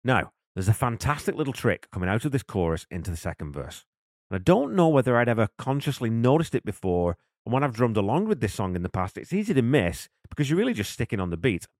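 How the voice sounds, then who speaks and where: A man's voice: mid-range voice, big pitch swings, fast, a little mellow, no echo, studio quality. A man, a drummer, casually and enthusiastically breaking down a song's rhythms, counting beats aloud. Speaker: drummer and host. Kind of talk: casual music breakdown commentary.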